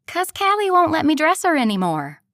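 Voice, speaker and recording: A woman voicing a bossy, bubbly young female friend who speaks high and emphatic in an audiobook. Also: huge pitch swings, normal speed, fairly bright tone, dry recording, studio quality, full character voice.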